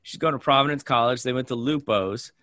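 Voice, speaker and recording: A man's voice: mid-range voice, fairly quick, no echo. A man in his fifties with an American accent, telling a story in casual podcast chat and acting out the people he quotes. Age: 50s. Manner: animated, acts out quoted voices. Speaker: podcast co-host.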